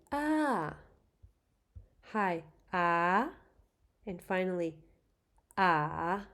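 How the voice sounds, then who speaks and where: Patient woman language teacher, very slow delivery, demonstrates each sound. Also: mid-range voice, dark tone. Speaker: Thai script teacher. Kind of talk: online language lesson.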